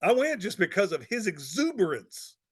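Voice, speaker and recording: A man, a pastor, giving a motivational talk with energetic storytelling and repeated phrases for emphasis. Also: sits high, moderate pace, breathy edge. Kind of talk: motivational talk to network marketers.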